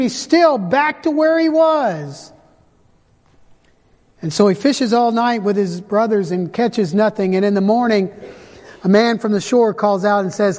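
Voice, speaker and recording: A man preaching a sermon, retelling scripture with dramatic pauses and slowed emphasis. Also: high-pitched, darkish tone. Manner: dramatic storytelling, slows for emphasis. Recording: hall reverb.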